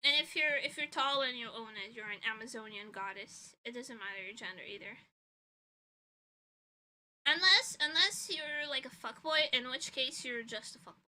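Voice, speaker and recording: A woman's voice: fairly high pitch, brisk, few pauses, bright, forceful tone, rough recording. A woman streaming from her room, chatting casually, rambling with giggles and swearing, tired and with a stuffy nose. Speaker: vtuber streamer and illustrator. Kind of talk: casual chat. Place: her own room at home.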